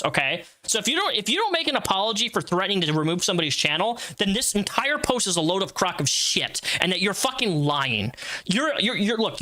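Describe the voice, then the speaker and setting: A man hosting a livestream and reacting out loud to a social media post, blunt and profane as he lectures the person behind it. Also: high-pitched. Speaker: livestream host.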